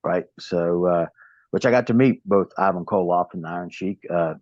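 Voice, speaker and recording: Low-pitched and darkish in tone, a Southern-accented pro wrestler in his fifties from the American South talks at normal speed as an interview guest, rambling through stories and restarting often. The recording is dry and dull lo-fi, with no room sound.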